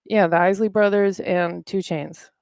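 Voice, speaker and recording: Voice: mid-range voice, steady tone, unhurried, gravelly, darkish tone, clean tone, no echo, clean studio sound. A podcast host chatting casually, rambling and talking to themselves while looking things up. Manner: rambling, talks to self while browsing. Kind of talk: casual chat.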